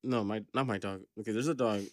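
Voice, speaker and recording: A man's voice: on the low side, fast talker, no room sound. A man co-hosting a casual podcast chat, slangy and laughing often, recorded close on a mic. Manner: slangy, laughing, says "fool" and "dude" a lot. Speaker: podcast co-host.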